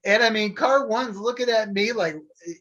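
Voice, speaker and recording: A man's voice: sits high, moderate pace, crowd noise. A man casually telling stories about his old theme park show, laughing often as he talks. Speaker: former theme park train show performer. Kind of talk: casual storytelling chat. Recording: dull lo-fi sound.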